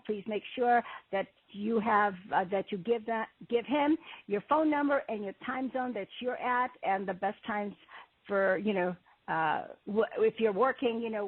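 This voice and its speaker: A woman's voice: mid-range voice, breathy edge. A woman hosting a call-in show, chatting in a rambling way with many fillers and restarts. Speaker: host. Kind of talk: casual call-in show talk. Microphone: phone. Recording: tinny phone-line audio.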